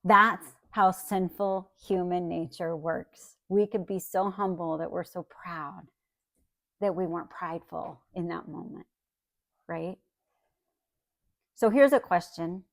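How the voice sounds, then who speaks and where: A woman's voice: fairly low pitch, fairly even intonation, slow, creaky, fairly bright tone, no echo, clean studio sound. A woman Bible teacher giving a conversational teaching talk, often checking in with listeners by asking "right?".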